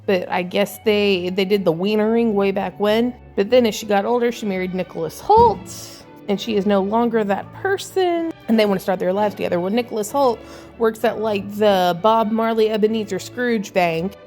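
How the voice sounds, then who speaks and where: A woman's voice: medium pitch, moderate pace, darkish tone, faint music behind. A woman giving a casual spoiler-filled movie recap in a crude, sarcastic, irreverent way. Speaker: movie reviewer.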